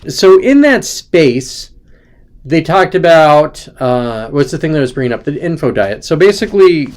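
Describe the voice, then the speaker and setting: A man's voice: mid-range voice, a little mellow. Rambling man hosting a casual livestream. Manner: digressive, chatty, frequent ums and self-corrections. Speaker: livestream host.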